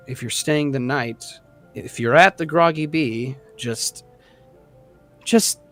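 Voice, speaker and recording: A man voicing an exhausted middle-aged male official who speaks quietly, dry and weary. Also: mid-range voice.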